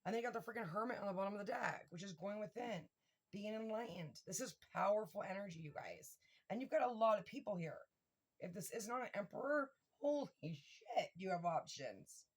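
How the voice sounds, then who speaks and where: A woman giving a casual tarot reading to her viewers, excitable and swearing freely as she talks directly to them. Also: mid-range voice, brisk, husky. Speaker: tarot reader.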